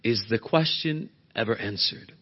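A man preaching a sermon as pastor, swinging between loud emphatic peaks and hushed, low passages. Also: animated, unhurried, slightly rough, dull audio.

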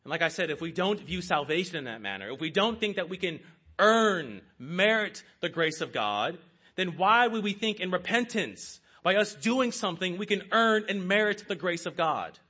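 A man's voice: sits high, animated, normal speed, pushed and bright, breathy edge. A man preaching a sermon in an earnest, rhetorical way, calling his listeners saints.

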